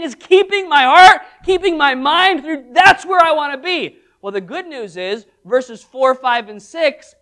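A man preaching a sermon to a congregation, energetic and humorous, leading call-and-response. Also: very high voice. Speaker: pastor. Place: church service.

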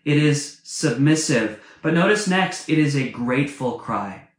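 A man's voice: on the high side, lively intonation, unhurried. A man preaching a sermon, earnest and emphatic, repeating key phrases for stress. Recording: echoey room.

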